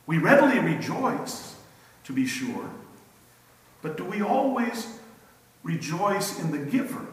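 Man preaching a sermon, slow and emphatic, fairly high voice, distant mic, long reverb. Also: fairly bright tone. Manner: slow, emphatic storytelling with rhetorical questions. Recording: echoey hall from a distance.

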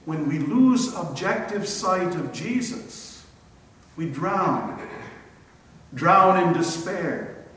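Slow-preaching man in an echoey hall. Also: high-pitched, expressive, fairly bright tone. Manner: slow, emphatic preaching with dramatic pauses. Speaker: pastor. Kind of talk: sermon. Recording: echoey church hall from far off.

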